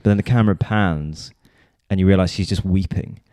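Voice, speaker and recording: A man talks film in a loose, rambling way, often pausing on "um" and "like". His voice sits low and dark. The sound is dry and close, with no room around it. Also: clean tone, dry recording. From London. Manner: rambling, filler-heavy, with restarts. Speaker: podcast co-host. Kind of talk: casual film discussion.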